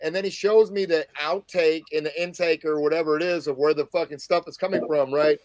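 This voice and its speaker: A man's voice: fairly high pitch, steady tone, fairly quick, darkish tone, no echo. A man on a podcast telling a long rambling story, swearing freely in casual chat. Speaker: podcast co-host.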